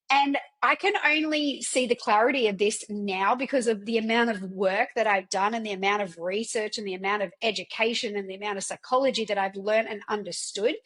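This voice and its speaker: A woman's voice: fairly high pitch, fairly bright tone. A woman hosting a personal podcast, talking candidly in a loose, chatty way, full of fillers and the odd swear word. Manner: candid, chatty, many fillers like "like" and "you know"; occasional swearing. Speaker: podcast host.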